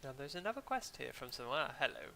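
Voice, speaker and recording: Here an English lad rambles through casual commentary on his game stream, self-mocking and droning, with hay-fever sniffles. His medium-pitched voice is very animated and fast, with vocal fry. The background is noisy, and his desk mic is sometimes muted.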